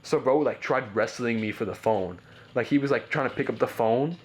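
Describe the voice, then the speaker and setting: A man's voice: medium pitch, normal speed. Rambling young guy telling a story. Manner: rambling, heavy use of "like" and "bro", frequent restarts. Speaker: podcast guest. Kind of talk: casual personal storytelling.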